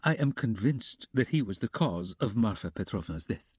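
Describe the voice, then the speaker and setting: A man's voice: on the low side, lively intonation, moderate pace, darkish tone, breathy edge, no room sound, clean studio sound, pitched below the performer's own voice. A man reading a fretful older mother. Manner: fretful, exclaiming. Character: anxious older mother, easily frightened.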